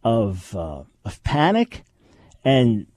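Man, radio talk host, emphatic, repeats himself, dry close sound, middle pitch. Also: huge pitch swings, very slow, darkish tone, no room sound. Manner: emphatic, repeats key phrases.

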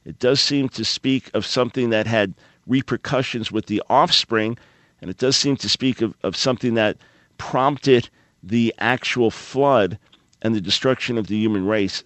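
A radio talk show host hosts a call-in program, teaching from the Bible into a studio microphone in an earnest, emphatic, conversational way. His voice is medium in pitch, with no echo.

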